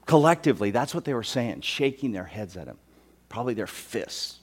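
Male pastor, animated sermon delivery, mid-pitched voice, playful asides to the congregation. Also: brisk. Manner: animated, acts out mocking voices, joking asides. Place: church.

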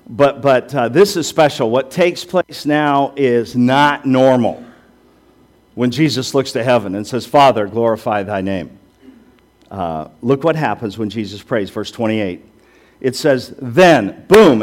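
Male pastor delivering a sermon: chatty and emphatic, with self-deprecating humor, in a mid-range voice. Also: medium pitch. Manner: conversational, self-deprecating asides, emphatic rhetorical questions.

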